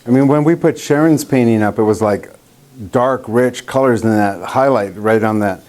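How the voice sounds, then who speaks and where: A man's voice: mid-range voice, moderate pace, a little mellow. A man teaching a group of painters in a casual workshop, a chatty storyteller who acts out the voices of people he quotes. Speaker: painting instructor.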